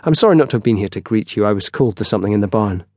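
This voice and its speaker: A man's voice: fairly low pitch, expressive, darkish tone, dry recording. A man voicing a flustered, apologetic middle-aged merchant in an audiobook. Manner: hurried, apologetic.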